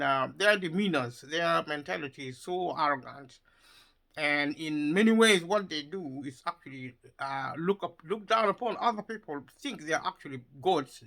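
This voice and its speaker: A man giving an opinion monologue for his video channel, halting as he talks, with many repeated words and fillers. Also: on the high side, pushed and bright, poor audio. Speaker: video commentator.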